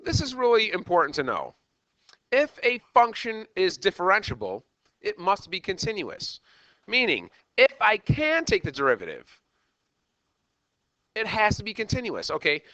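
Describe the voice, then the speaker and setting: A man teaching a math lesson as a teacher, animated and checking in with "okay" again and again. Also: sits high, moderate pace, long pauses, no echo. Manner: animated, repeats "okay" often. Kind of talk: classroom lecture.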